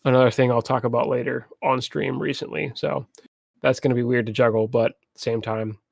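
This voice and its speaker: A young man co-hosts a casual podcast at a middle pitch, swearing freely and acting out quotes in funny voices. His voice is close and dry, with no room sound. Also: a little fast, vocal fry, dry recording. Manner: animated, swears a lot, acts out quotes. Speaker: podcast co-host. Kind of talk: casual chat. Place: home streaming setup.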